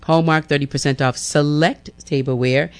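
A man hosting a radio show, reading announcements and giving a lively devotional that repeats phrases and calls listeners family. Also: a little high, moderate pace, clear, resonant tone. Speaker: radio host.

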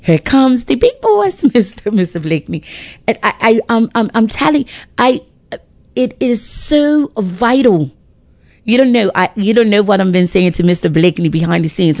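With a darkish, deep, low voice, a middle-aged woman on talk radio preaches encouragement about faith, emphatic and prone to restarts. The sound is dry and close-miked, without any echo.

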